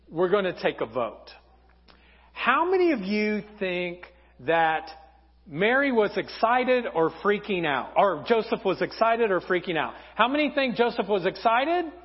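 A male pastor preaching a sermon, telling a story with lively acted voices. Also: high voice, measured pace, husky. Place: church hall. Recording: dull sound, long church reverb.

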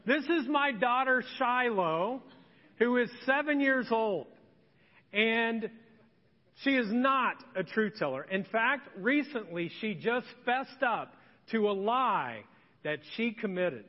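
A man preaching a sermon as a pastor, telling stories in an animated way. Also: extremely high pitch, slow. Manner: animated storytelling. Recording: dull echoey church hall recording.

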